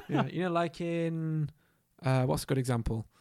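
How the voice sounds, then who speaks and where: A man's voice: on the high side, measured pace, darkish tone, smooth, no room sound, clean studio sound. A man co-hosting a podcast, chatting casually about game music, swearing freely and humming tunes as he talks. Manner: swears freely, hums and sings tunes mid-sentence. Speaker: podcast co-host.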